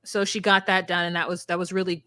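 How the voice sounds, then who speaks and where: Animated woman in casual podcast chat. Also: on the low side, quick pace, no room sound. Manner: animated, emphatic retelling with frequent fillers.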